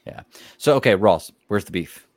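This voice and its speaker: A man's voice: fairly low pitch, animated, normal speed, no room sound. A man hosting a podcast in casual chat, asking questions and joking. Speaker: podcast host.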